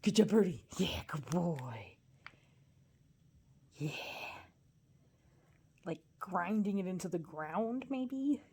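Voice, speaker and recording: A woman's voice: fairly low pitch, expressive, slow, pauses often, darkish tone, husky. A woman talking to her pet bird in affectionate baby talk, often laughing and slipping into whispers. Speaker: pet owner.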